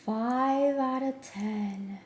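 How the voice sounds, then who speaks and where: Woman streamer fumbling for words, slow drawn-out talk, echoey room. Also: on the high side. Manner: stumbling, searching for words, excitable. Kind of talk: casual live-stream chat.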